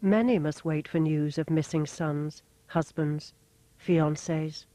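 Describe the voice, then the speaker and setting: A documentary narrator reading a scripted account in a measured, formal way. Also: mid-range voice, fairly even intonation, dark tone, no echo. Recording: narration over war sound effects.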